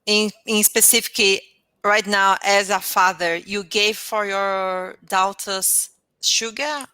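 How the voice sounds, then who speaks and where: A woman practices conversation over a video call as a student. She speaks slowly and haltingly, searching for each word, and her voice is bright and a little tense. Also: mid-range voice, steady tone, clear, resonant tone. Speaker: language student.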